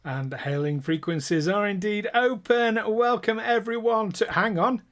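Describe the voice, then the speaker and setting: A man's voice: high voice, normal speed, fairly bright tone. A man hosting a live tabletop role-playing stream as game master, joking and laughing often as he introduces the players. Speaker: game master and show host.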